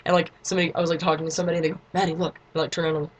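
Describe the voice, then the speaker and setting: A woman's voice: fairly low pitch, level tone, very fast, a little hiss or hum. A teenage girl vlogging a casual story, chatty and giggly, filling her talk with "like" and breaking into squeals.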